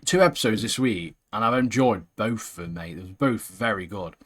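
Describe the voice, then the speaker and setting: A man co-hosting a casual anime podcast, animated and full of banter. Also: on the low side, normal speed. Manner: animated, banter-heavy, says "mate" constantly. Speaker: podcast co-host.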